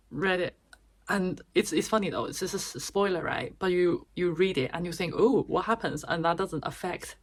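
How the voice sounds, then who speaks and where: A woman vlogger giving a chatty, casual summary of a book, with restarts and small laughs. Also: fairly low pitch.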